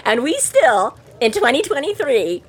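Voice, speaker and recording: A woman's voice: high voice, very animated, a little slow, breathy edge. A woman co-hosting a podcast, chatting casually in a rambling, giggly way. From Canada. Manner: rambling, giggly, retells scenes with quoted asides. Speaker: podcast co-host. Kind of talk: casual chat.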